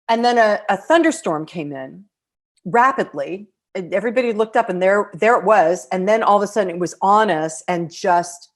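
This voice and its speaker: Middle-aged American woman, low voice, podcast host, heartfelt personal storyteller. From United States. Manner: warm, reflective, emotional storytelling with pauses.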